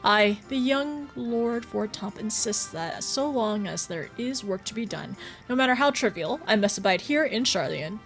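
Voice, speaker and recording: A woman's voice: medium pitch, animated, moderate pace, fairly bright tone, faint music behind. A woman voicing a pompous, sulky young nobleman as she reads game dialogue aloud, in a haughty, complaining, theatrical manner. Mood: haughty sulking.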